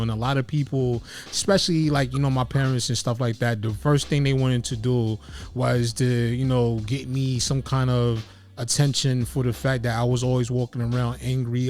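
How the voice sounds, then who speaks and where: A man's voice: mid-range voice, darkish tone. A man hosting a casual interview show who talks in an earnest, reflective way and keeps leaning on "you know". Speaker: host.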